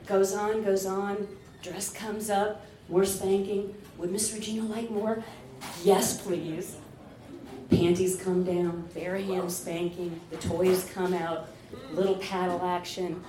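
A woman's voice: mid-range voice, little pitch movement, a little slow, a crowd in the background. A woman telling a candid, profane personal story on stage, laughing often. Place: stage under bright lights. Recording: echoey live venue with ambient noise.

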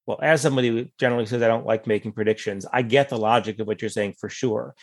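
A man giving conversational political analysis as a guest, thoughtful and measured, hedging his points with asides. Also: mid-range voice, fairly even intonation.

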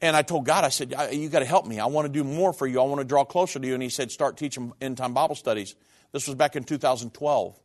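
A man's voice: medium pitch, quick pace. Earnest middle-aged man preaching a testimony. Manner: earnest, candid, conversational preaching. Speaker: minister. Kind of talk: personal testimony sermon.

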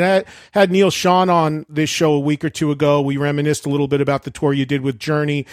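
Male podcast host, higher register, upbeat bursty delivery, dry studio sound. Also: no room sound. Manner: upbeat, talks in quick bursts with restarts. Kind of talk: casual radio-style interview.

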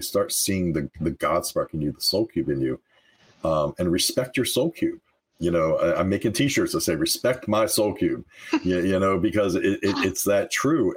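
A very deep, husky male voice belongs to a life coach speaking in a casual interview. He is earnest and animated and often breaks into laughter. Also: poor audio.

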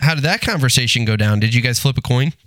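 Bright-voiced easygoing male host. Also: mid-range voice, animated, fast talker, no room sound. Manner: easygoing, laughs often. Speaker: podcast host. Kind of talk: casual chat.

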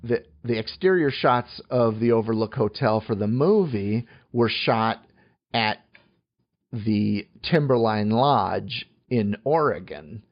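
Man co-hosting a podcast, halting delivery. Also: lowish voice, animated, lo-fi sound. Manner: halting, full of fillers and joking asides. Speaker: podcast co-host. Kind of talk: casual podcast chat.

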